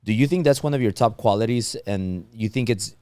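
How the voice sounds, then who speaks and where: A man hosting an interview, asking loose, halting questions with many restarts. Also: on the low side, darkish tone, clear, resonant tone, no echo. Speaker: podcast host. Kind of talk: casual interview.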